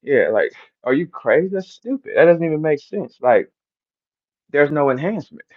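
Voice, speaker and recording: A man's voice: on the high side, very animated, normal speed, dull audio. A man from St. Louis with a St. Louis accent, boasting and trash-talking in a brash, repetitive live-stream rant. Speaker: battle rapper hosting a live audio room.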